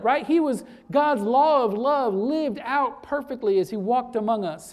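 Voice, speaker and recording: A woman preaching a sermon and retelling a story to make her point, dropping to a hush for emphasis and then building back up. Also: a little high.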